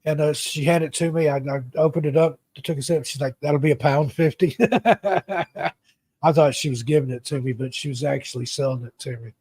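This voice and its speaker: A man's voice: on the high side, normal speed, a little mellow, breathy edge, no room sound. An American man chatting casually as a guest, telling long rambling travel stories and often stumbling over his first words. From United States. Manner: rambling storyteller, stammers on restarts. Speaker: guest author and YouTuber. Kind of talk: casual chat.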